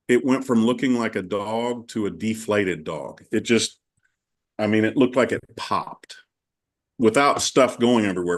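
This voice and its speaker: A man on a video call with his coach, chatting candidly and rambling through a personal story. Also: on the low side. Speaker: coaching client. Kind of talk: casual call conversation.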